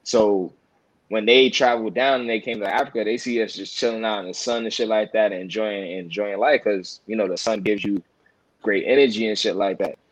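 A New man talks loosely on a podcast, circling his point with fillers and restarts. His voice sits low. The sound is dry and close. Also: steady tone, fairly quick, no room sound, rough recording. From New York. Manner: rambling, filler-heavy, many restarts. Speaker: podcast co-host. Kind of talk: casual chat.

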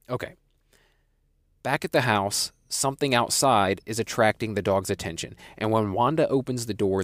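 A man's voice: lowish voice, no echo, studio quality. A man hosting a podcast, giving a casual episode recap in a chatty way, often restarting and adding asides. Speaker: podcast host reviewing a TV episode.

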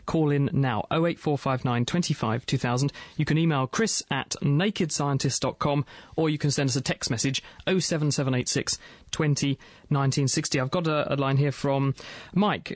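A man with an English accent hosting a radio science show, quick and jokey as he reads out listener emails. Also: medium pitch, no room sound. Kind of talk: lively radio science chat. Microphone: studio microphone.

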